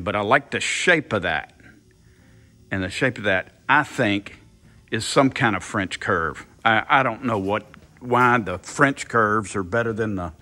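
A man's voice: fairly low pitch, bright, forceful tone. An older man thinking aloud in a casual workshop vlog, rambling and repeating himself as he works. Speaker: car builder, channel host.

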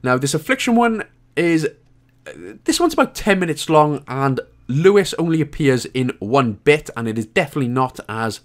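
A man's voice: on the high side, big pitch swings, normal speed. A Welsh man hosting a game walkthrough, talking casually and joking with a laugh here and there. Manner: chatty, jokey, laughs often. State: out of breath. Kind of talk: casual gameplay commentary.

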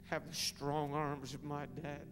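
A middle-aged male pastor preaching a sermon, telling a story softly and dropping into hushed whispers. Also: a little high, monotone, unhurried, long reverb tail. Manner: soft, intimate storytelling that drops to hushed whispers. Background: music.

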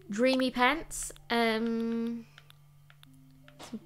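A woman chatting playfully while she plays a game and thinks out loud, with game music behind. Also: fairly high pitch, steady tone, slow pace, long pauses. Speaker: let's play host. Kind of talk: casual gameplay commentary.

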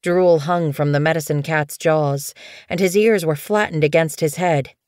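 A woman narrating an audiobook in a calm, even storytelling manner. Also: low-pitched, moderate pace, smooth, no room sound, clean studio sound. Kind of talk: scripted narration.

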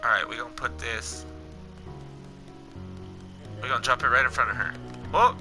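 A young man giving casual, excitable gameplay commentary, talking at the game characters in slangy speech. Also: medium pitch, normal speed, music in the background, rough recording. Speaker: gaming channel host.

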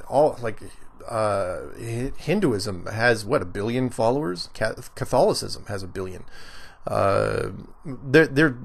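A man's voice: medium pitch, gravelly. A middle-aged American man hosting a casual solo podcast, reading out listener emails and rambling through his answers with lots of fillers and restarts. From United States.

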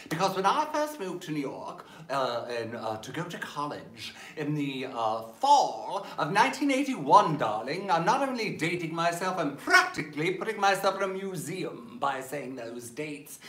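A cabaret host in his fifties from Maryland, speaking with a Southern American accent, runs a campy show from home as a lockdown livestream, calling everyone darling in languid, theatrical patter. His voice is fairly high, very animated, a bit bright, and moderately paced with hardly any pauses, in an echoey room.

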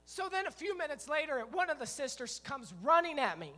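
A middle-aged man preaching a sermon as pastor, telling stories in an animated way and breaking into shouts. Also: very high-pitched, a little fast, few pauses. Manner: animated storytelling, acting out scenes, bursts of shouting. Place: church sanctuary. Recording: long reverb of a church hall.

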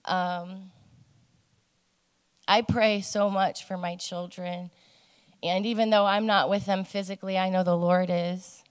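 A woman giving a personal testimony in church, hesitant and earnest, pausing often with ums. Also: mid-range voice, flat delivery, smooth. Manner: hesitant, many ums, speaking softly and earnestly. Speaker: congregation member giving a testimony. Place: church sanctuary. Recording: long hall reverb.

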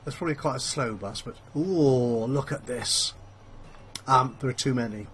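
A man's voice: mid-range voice, unhurried, a little hiss or hum. A man hosting a let's play, thinking aloud with plenty of fillers in a chatty, self-mocking way. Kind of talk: casual game commentary. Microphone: headphones with a desk mic.

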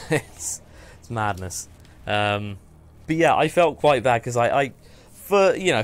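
A man hosting a live game stream, rambling through a story with frequent laughs and self-deprecating asides. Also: medium pitch. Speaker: streamer host. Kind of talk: casual live-stream chat while gaming.

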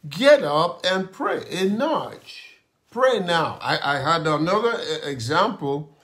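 A male pastor preaching a sermon and telling a personal testimony in a slow, dramatic storytelling manner. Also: high voice, big pitch swings, fairly bright tone. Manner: slow, dramatic storytelling with grumbling asides and laughs.

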